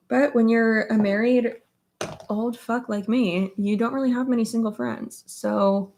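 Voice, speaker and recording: Creaky-voiced woman chatting while doing makeup. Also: on the high side, fairly even intonation, slow, long pauses, a little mellow. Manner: rambling, chatty, frequent filler words. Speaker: livestreaming beauty YouTuber.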